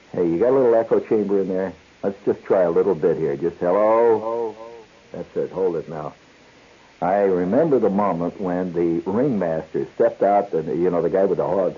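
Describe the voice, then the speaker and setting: A man hosting a radio show, telling a story in an animated way, acting out voices and sounds and laughing often. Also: deep voice, breathy edge. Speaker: radio host. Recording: dull lo-fi 1970s radio broadcast with hiss.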